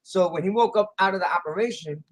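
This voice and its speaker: A man's voice: sits high, fast, low-quality recording. A man casually telling crude jokes on a livestream, playful and rambling. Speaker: livestream guest.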